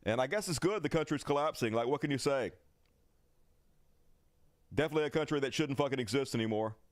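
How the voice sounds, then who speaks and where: A man's voice: medium pitch, quick pace, no room sound. A man hosting a livestream, delivering an angry, profane, sarcastic political rant. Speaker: livestream host.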